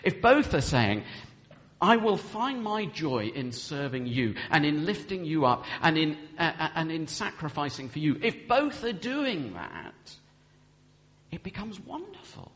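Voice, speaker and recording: Unhurried yet very animated, a man with a fairly high, slightly bright voice gives a sermon on marriage. He earnestly acts out the vows in quoted speech, and the sound has a long hall reverb.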